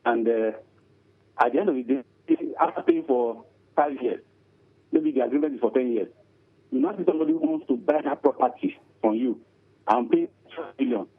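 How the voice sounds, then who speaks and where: A man phones in to a talk show and asks his question hesitantly, filling pauses with uh. The line is thin and phone-like. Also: mid-range voice, animated, husky. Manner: hesitant, many fillers. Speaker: phone-in caller.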